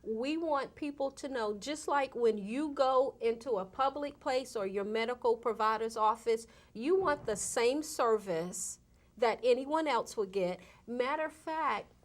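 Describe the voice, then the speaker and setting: A woman's voice: a little high, unhurried. A woman, a guest on an interview show, talking earnestly and emphatically about her outreach work. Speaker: guest from an AIDS service organization. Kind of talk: casual interview conversation.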